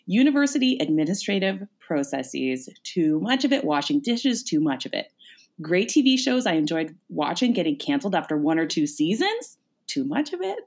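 A woman's voice: fairly low pitch, moderate pace. Ranting woman podcast host. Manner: ranting, animated, swears freely. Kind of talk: casual chat.

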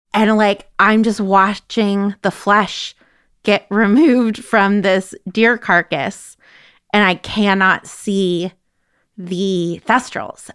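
A woman's voice: mid-range voice, fairly bright tone, clean tone, no echo, clean studio sound. A woman co-hosting a podcast, chatting casually and vividly with lots of "like". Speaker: podcast co-host.

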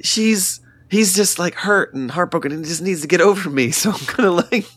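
A man voicing a cheerful female ghost matchmaker in a deliberately clumsy North Carolina drawl. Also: sits high, fairly bright tone, husky, pitched above the performer's own voice. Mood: chirpy scheming. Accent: North Carolina, put on badly.

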